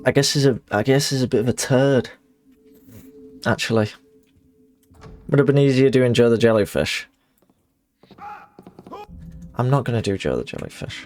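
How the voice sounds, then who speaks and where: A man chatting casually on a live stream, rambling and self-mocking, swearing freely. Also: medium pitch.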